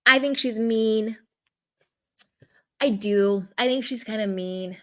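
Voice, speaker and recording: A woman with a fairly high pitch takes her time commenting on a reality show. She sounds casual and candid, voicing firm opinions and saying "like" a lot.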